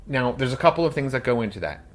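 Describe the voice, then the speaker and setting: A man who co-hosts a casual podcast and serves as game master explains things at length, packing his speech with "like." His medium-pitched voice is animated and quick.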